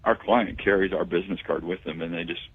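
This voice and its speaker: Low husky man on a tinny phone line. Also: fairly even intonation, fast, no echo. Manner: confident sales pitch. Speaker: guest tax firm owner. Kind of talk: radio phone-in interview.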